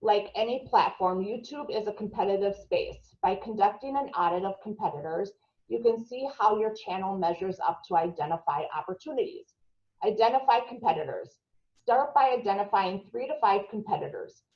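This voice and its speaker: Woman running a class for a group, chatty, trips on words sometimes, muffled low-fi sound. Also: expressive, normal speed. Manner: chatty, asks the room questions, stumbles over words. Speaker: marketing trainer. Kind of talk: live training talk to a group. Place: training room with a group.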